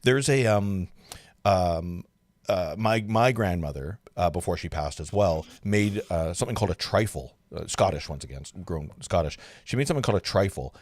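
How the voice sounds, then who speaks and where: A man hosting a casual livestream interview, chatting in a relaxed way with frequent fillers. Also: deep voice, normal speed, no room sound, studio quality. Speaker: livestream host.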